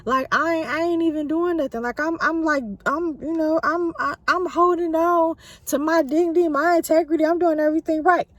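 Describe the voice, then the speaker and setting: A woman's voice: extremely high pitch, fairly even intonation, a little fast, few pauses, dry recording, voice pushed up. A woman voicing an exasperated grown man who talks in slang and repeats himself as he demands answers. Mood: indignant. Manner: slangy, repetitive, rising in frustration.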